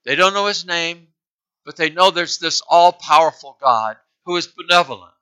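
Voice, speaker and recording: A man retells a missionary tale in a sermon with a brilliant, ringing tone that sits a little above the usual male register. He is earnest and halting, often restarting phrases as he goes. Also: on the high side, bright, forceful tone, clean tone, poor audio. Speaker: preacher. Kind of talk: sermon storytelling.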